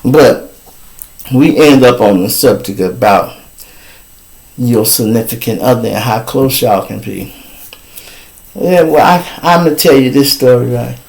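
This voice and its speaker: A man hosting his show, telling a story in a casual, animated, profane way and laughing between lines. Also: medium pitch, a little slow, creaky, pauses often, rough recording. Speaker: show host.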